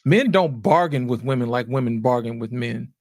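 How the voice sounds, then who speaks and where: A man hosting a podcast panel in casual chat, animated and often asking "you know what I'm saying". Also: mid-range voice, moderate pace, no room sound, studio quality. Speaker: podcast host.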